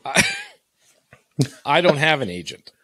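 A man's voice: a little high, big pitch swings, a little slow, bright, forceful tone. A man co-hosting a podcast, chatting casually in a laid-back, jokey way. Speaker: podcast co-host.

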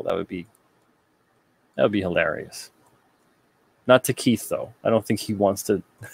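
Gravelly low-voiced man chatting loosely. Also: dry recording. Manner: rambling, joking, self-deprecating asides. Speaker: publisher host reading viewer comments. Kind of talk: casual livestream chat.

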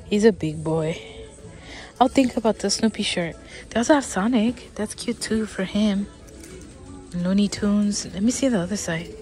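Slow chatty lady shopping vlog, whispers a lot, gasps, faint music in the store. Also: medium pitch. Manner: chatty, often drops to a whisper, excited gasps. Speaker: vlogger. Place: inside a large department store.

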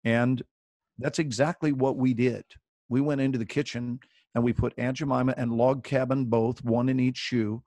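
A man's voice: medium pitch, little pitch movement, normal speed, darkish tone, dry recording. A middle-aged man, an actor, telling a playful, theatrical story as a guest on a video call.

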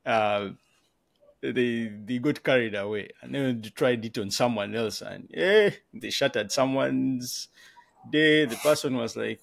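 Podcast guest, male, gravelly tone, close dry sound, relaxed and chuckling, restarts his words. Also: medium pitch, measured pace, no echo. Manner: laughs often, repeats words while thinking. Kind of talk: casual conversation.

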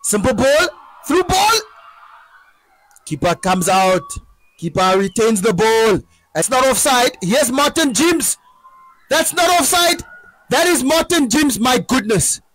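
A man giving excited live football commentary, breaking into shouts at chances and goals. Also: very high-pitched, measured pace, no echo, rough recording.

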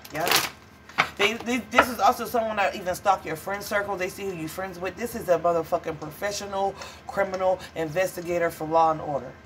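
A woman's voice: fairly low pitch, noisy background. A woman giving a casual tarot reading to viewers, blunt, profane and dramatic, calling them honey and child. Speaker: tarot reader.

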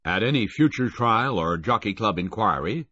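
Brief: male narrator doing a deep, courteous official, husky and formal. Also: lively intonation, moderate pace, sharp tone, no echo, exaggerated voice. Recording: dull, dry lo-fi audiobook recording.

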